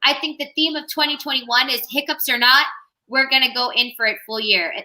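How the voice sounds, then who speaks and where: A young woman talks on a live stream in a very bright, sharp voice that sits a little high. She is chatty and upbeat as she reflects and shares her thoughts. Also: steady tone, brisk, rough recording. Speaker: musician guest. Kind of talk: casual live-stream chat.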